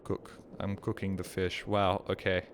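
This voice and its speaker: A man's voice: sits low, completely flat delivery, unhurried, slight background noise. A man streaming a game, chatting casually with mumbled, joking asides.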